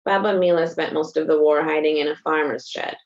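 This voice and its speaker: Low-voiced woman reading her novel. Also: fairly even intonation, brisk, highs cut off. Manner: reflective first-person narration. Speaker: author.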